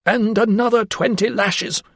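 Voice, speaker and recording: A woman's voice: mid-range voice, big pitch swings, moderate pace, gravelly, a little mellow, breathy edge, no room sound, studio quality, voice pushed up, full character voice. A man voicing a cruel, commanding Georgian lady. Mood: furious. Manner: harsh, barking commands. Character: cruel, cold-hearted 18th-century lady of the house.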